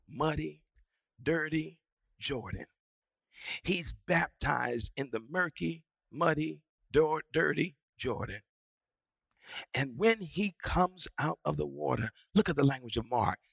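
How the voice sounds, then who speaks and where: In a dry recording, a pastor with a slightly high, husky voice and vocal fry preaches a sermon. He moves from quiet teaching up to shouted, climbing preaching, then back down to near-whispers.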